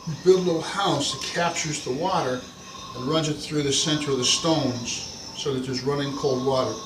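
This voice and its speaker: A middle-aged man with a North Jersey accent rambles from one story to the next while he cooks in his kitchen. His voice sits at an ordinary pitch and is picked up from across the room, so it sounds distant and echoey. Pots and dishes clatter clearly behind him. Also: moderate pace, background noise. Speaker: home cook vlogger. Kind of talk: casual cooking vlog talk. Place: home kitchen.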